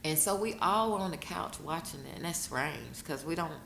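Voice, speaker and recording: A woman, a guest telling her story in an interview, emotional and quick to break into laughing retellings. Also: animated, creaky, a bit bright. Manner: emotional, bursts into laughing high-pitched retellings. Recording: echoey room with noticeable noise.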